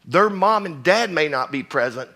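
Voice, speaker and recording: A man's voice: on the high side, lively intonation, moderate pace, vocal fry, bright, forceful tone. A middle-aged man, a fire chief giving a blunt, preachy conference speech that keeps putting questions to the crowd.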